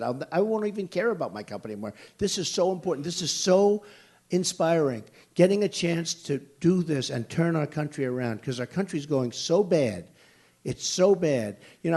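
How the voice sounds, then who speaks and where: A man's voice: fairly high pitch, warm tone. Older male candidate, rally Q&A, blunt and repetitive, slightly raised voice. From United States. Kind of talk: campaign rally Q&A. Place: large indoor venue.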